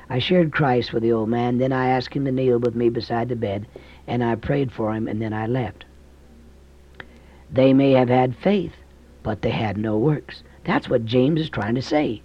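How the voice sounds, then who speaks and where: A man's voice: medium pitch, normal speed. A male preacher delivering a sermon, mixing folksy storytelling with emphatic scripture reading. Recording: dull, dry recording.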